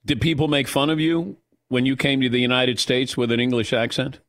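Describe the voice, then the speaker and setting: A man hosting a sports radio show, asking questions in a quick, teasing, curious way. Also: medium pitch, level tone, fairly bright tone. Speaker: radio sports talk host. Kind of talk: casual radio interview. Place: radio studio.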